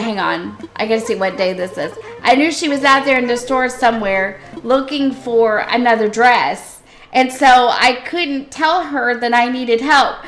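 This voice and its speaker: A middle-aged woman streaming a game, telling a funny story in a casual, animated way and often laughing. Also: high-pitched. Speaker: live streamer. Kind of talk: casual storytelling while gaming.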